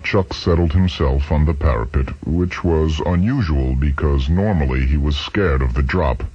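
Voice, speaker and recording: A man narrating a story in a measured, expressive reading, heard in a dull lo-fi radio recording. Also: very deep voice, slightly rough.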